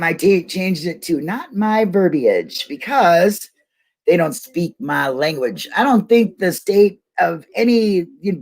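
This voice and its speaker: A woman's voice: low-pitched, a little mellow, slightly rough. A woman hosting a casual livestream, rambling and laughing as she talks to her viewers. She gets emotional easily. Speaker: YouTube livestream host.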